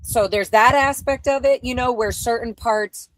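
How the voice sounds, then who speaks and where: A woman's voice: a little high, normal speed, no echo, rough recording. A woman hosting a casual livestream talk, speaking bluntly and emotionally, with plenty of swearing and rambling asides. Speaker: show host.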